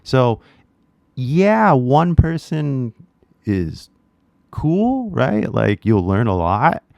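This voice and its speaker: A man's voice: medium pitch, very animated, drawn-out words, gravelly, a little mellow, no echo, muffled recording. Chatty man with a dry, close sound. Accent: Californian. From California. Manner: chatty, many rhetorical "right?" tags. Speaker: language teacher. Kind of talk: casual spoken lesson.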